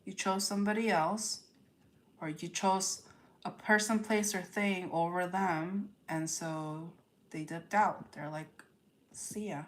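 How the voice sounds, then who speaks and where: Slow, low-voiced woman reading tarot live. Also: fairly even intonation. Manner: addresses viewers directly, repeats phrases, ends points with "okay?". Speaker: tarot reader.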